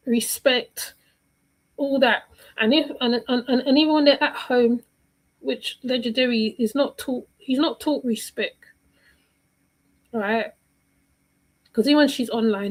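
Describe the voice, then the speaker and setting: Lady streamer rambling thru her commentary, kinda high voice, keeps repeating herself. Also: low-quality recording. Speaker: livestream commentator. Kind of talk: casual reaction commentary.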